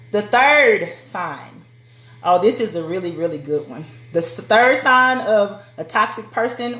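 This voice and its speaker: Medium in pitch and fairly bright in tone, a woman speaks directly to women watching her live stream, delivering a preachy motivational talk and calling out to them. The room is echoey.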